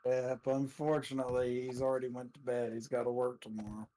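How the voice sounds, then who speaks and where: A man's voice: medium pitch, little pitch movement, a little fast, dark tone, a little hiss or hum, rough recording. A man joking and teasing his friends in casual gaming chat. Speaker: game player.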